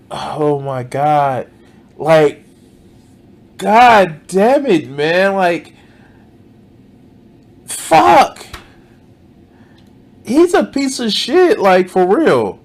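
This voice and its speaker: A man reacting to a video, cursing in exasperation, trailing off mid-sentence and pausing the clip to comment. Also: high-pitched, animated.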